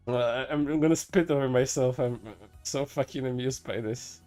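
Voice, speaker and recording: A man's voice: mid-range voice, normal speed, warm tone, soft background music. A man streaming casual reaction commentary, cursing freely, stammering through restarts and laughing often.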